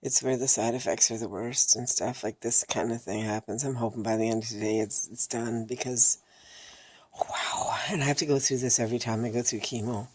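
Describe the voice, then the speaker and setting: Very low husky exhausted woman. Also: steady tone, brisk, darkish tone. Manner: emotional, blunt, swears freely. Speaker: vlogger. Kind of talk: candid personal vlog.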